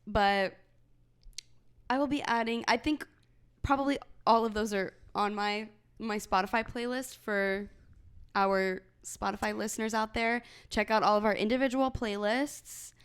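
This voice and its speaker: A woman's voice: mid-range voice, steady tone, a little slow, clear, resonant tone. A young woman co-hosting a podcast, chatting casually with friends, full of fillers and laughs. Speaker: podcast co-host. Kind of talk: casual chat.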